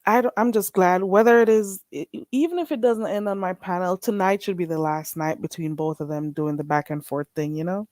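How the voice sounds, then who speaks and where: A woman hosting a live stream in casual chat, chatty, with drawn-out exclamations. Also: on the low side, a little mellow, no echo. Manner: chatty, drawn-out "ooh"s and frequent laughter.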